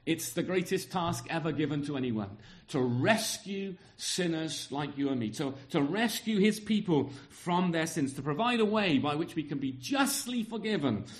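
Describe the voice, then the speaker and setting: A man preaching a sermon in a fairly high voice. He speaks earnestly and with emphasis, doubling back on words as he presses each point home. Parts of his talk are aimed at the children in the congregation. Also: animated, moderate pace, few pauses.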